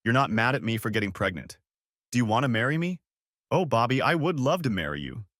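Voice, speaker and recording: A tearful young woman pleads through sobs as the story's girlfriend, voiced by a male narrator. The reading stays close and dry, with a lively rise and fall in pitch. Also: brisk, no room sound. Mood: relieved. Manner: pleading, sobbing.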